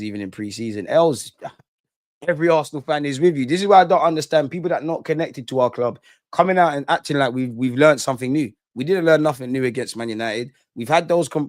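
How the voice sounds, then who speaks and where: A young man with a mid-range voice hosts a live football reaction stream, recorded in a clean studio with no echo. As the fan channel's host, he banters, mocks rival supporters, and reads the chat out loud.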